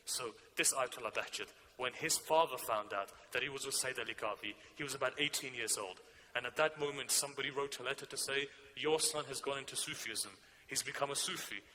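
A man preaching a sermon, telling a story whose quieter passages drop low and soft. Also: brisk, slight background noise.

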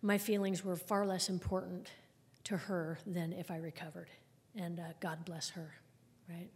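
A woman's voice: on the low side, little pitch movement, unhurried, a little mellow, breathy edge. Woman sharing her recovery story in a hall. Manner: candid, conversational, wry storytelling with frequent laughs. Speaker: speaker at a recovery meeting. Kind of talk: personal recovery story told to a group. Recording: long hall reverb.

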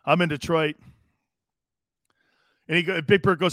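A middle-aged man from Connecticut hosting a sports radio show, loud and rambling, laughing and doing voices for his stories. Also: a little high, fairly even intonation, unhurried, no room sound, clean studio sound. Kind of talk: animated sports talk.

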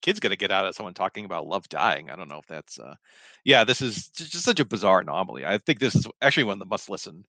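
Man, podcast co-host, wry casual chat, bright tone, lively pitch. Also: quick pace, no room sound. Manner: wry, animated, incredulous, laughing.

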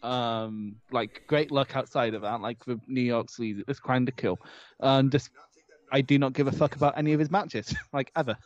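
A man's voice: mid-range voice, normal speed, highs cut off. A man co-hosting a casual podcast chat, laughing often and swearing freely. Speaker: podcast co-host. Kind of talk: casual chat watching wrestling.

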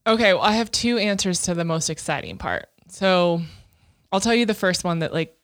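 A woman's voice: on the low side, sing-song, moderate pace. Candid chatty woman, laughs a lot. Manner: open, emotional, laughs often, many fillers. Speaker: podcast co-host. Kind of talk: candid casual chat.

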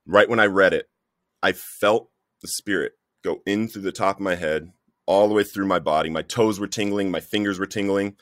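A man's voice: deep voice, normal speed, a bit bright, no echo, studio quality. A man giving an earnest, emotional personal testimony in conversation, often calling the listener "bro". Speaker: guest sharing recovery story.

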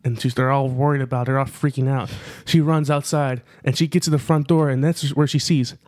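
A man's voice: mid-range voice, fairly even intonation, brisk, darkish tone, dry recording, clean studio sound. A man co-hosting a podcast, telling a rambling story casually with lots of fillers and repeated phrases. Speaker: podcast co-host.

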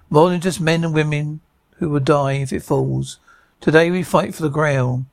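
A resolute knight commander addresses his troops in a commanding, solemn tone, his voice pitched a little high with a gravelly edge. It is a period drama, and the sound is dry and close. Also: no echo. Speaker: actor. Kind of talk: televised period drama acting.

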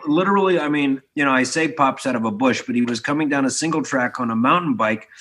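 Talking fast in a mid-range, slightly bright voice, this spirits entrepreneur from Philadelphia, in his forties, is a podcast guest. He tells stories animatedly and casually in the interview, restarting a lot and dropping an occasional swear word.

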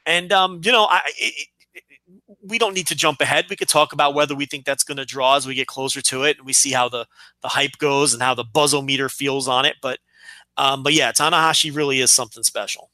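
Bright-voiced man on a podcast. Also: mid-range voice, steady tone, a little fast, no echo. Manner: rambling, repeats words while thinking. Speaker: podcast co-host. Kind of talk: casual chat.

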